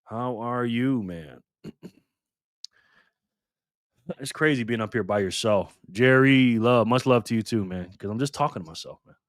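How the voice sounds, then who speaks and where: A man's voice: medium pitch, a little slow, pauses often, dry recording, studio quality. Upbeat man hosting a live stream. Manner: upbeat, greets chat viewers by name; calls people brother and man. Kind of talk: casual live-stream chat. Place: alone at home streaming. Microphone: microphone.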